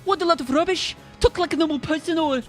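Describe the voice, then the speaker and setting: A woman voicing a brash, hot-tempered young man who talks fast and sounds exasperated. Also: extremely high pitch, over loud music, pitched above the performer's own voice. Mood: angry.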